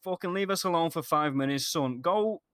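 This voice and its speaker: A man's voice: a little high, normal speed, fairly bright tone, smooth, dry recording, close to an everyday voice. A man playing a crude, laid-back police applicant in a game role-play, cocky and rambling.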